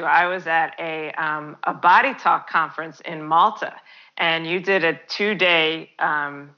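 A woman's voice: low-pitched, sharp tone, highs cut off. A woman interviewer talking casually and enthusiastically, laughing easily as she builds to her questions.

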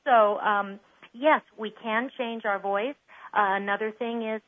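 A woman's voice: medium pitch, fairly even intonation, measured pace. A woman voice coach explaining how to speak well as a guest in an interview, with fillers and restarts. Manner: warm explanatory, demonstrates voices. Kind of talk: interview over the phone. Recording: tinny phone line.

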